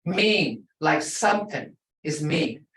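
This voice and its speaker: A middle-aged woman teaching a live language lesson, repeating words slowly and patiently for her learners. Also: deep voice, animated, fairly bright tone. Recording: echoey room, far from the mic.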